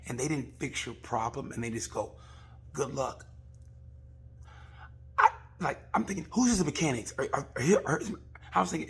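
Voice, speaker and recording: A man, a comedian, rambling through a casual comic review of a race, swearing and acting out people in quick asides. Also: medium pitch, husky. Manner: rambling, profane, acts out voices in quick asides.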